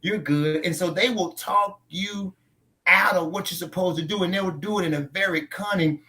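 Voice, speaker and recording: A man's voice: high-pitched, steady tone, moderate pace, bright, forceful tone. A man talking about faith on a church talk show after a sermon, emphatic and preacherly, repeating his key lines. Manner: trains others in tone and inflection. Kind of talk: casual faith discussion.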